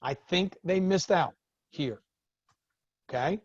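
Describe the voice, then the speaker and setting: A man, a business coach, talking to business owners in an animated way and acting out the people in his stories. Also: sits high, takes it slowly, breathy edge, no echo, highs cut off.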